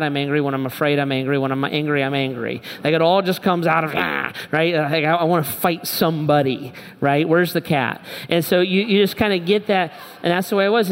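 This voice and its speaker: A middle-aged pastor giving a sermon, speaking candidly and emphatically and repeating short phrases. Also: male voice, on the high side, clean tone. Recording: long reverb from a large hall.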